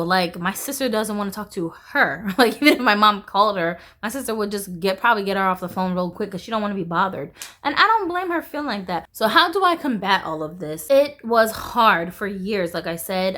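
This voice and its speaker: A woman's voice: medium pitch, normal speed, fairly bright tone. A woman vlogger in casual chat, candid and rambling, peppering her talk with "like" and swearing freely.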